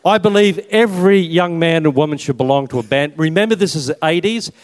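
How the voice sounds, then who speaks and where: Speaking briskly in a slightly high voice, this man is an Australian Catholic priest in his fifties who also serves as an army chaplain. He offers a chatty testimony about his life, with slides and jokes at his own expense, and the hall adds long reverb.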